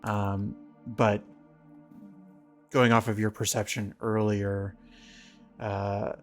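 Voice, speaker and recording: A man running a tabletop game as game master, narrating in a relaxed, halting way with many fillers. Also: on the low side.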